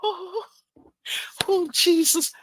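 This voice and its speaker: A woman's voice: very high voice, drawn-out words, a little hiss or hum. A woman hosting a casual livestream, talking straight to her viewers about their comments and keeps breaking into helpless laughter. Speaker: livestream host. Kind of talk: casual live chat reacting to viewer comments.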